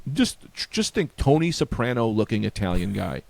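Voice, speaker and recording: Male comedian with a New York accent; animated anecdote delivery, gravelly, very dry close mic. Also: normal speed, no echo. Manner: acts out both sides of a story, rising loud and high. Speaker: comedian guest. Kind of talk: animated comic storytelling.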